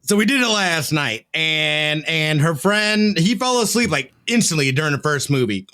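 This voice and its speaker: A man's voice: fairly high pitch, expressive, normal speed, sharp tone, clear, resonant tone. A man in his thirties co-hosting a podcast, tired after a sleepless night and telling a rambling story with laughs mixed in. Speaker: podcast co-host. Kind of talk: casual chat.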